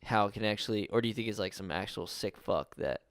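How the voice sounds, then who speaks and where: Excitable, swearing man in his twenties. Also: lowish voice, fast, clear, resonant tone, no echo, clean studio sound. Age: 20s. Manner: excitable, laughs often, swears. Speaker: podcast co-host. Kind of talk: casual chat.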